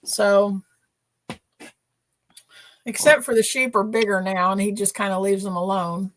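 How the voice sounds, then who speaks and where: A woman's voice: medium pitch, fairly even intonation, unhurried, a little hiss or hum. A woman co-hosting a podcast, telling a story in a rambling, emotional way with many restarts. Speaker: podcast co-host. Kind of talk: casual chat.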